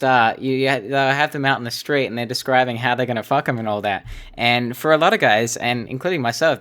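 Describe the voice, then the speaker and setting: A man in his twenties interviews a guest in a relaxed way. He asks questions haltingly, thinking aloud and circling back with fillers. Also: mid-range voice. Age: 20s. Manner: curious, hesitant, thinks aloud. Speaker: interviewer and channel host.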